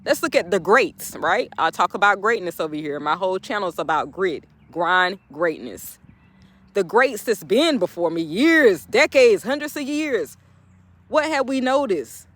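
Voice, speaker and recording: A woman motivational speaker, talking outdoors in an animated, laughing vlog pep talk. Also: medium pitch, a little slow, dry recording. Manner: animated, laughing often, talking straight to viewers. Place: outdoors, birds in background.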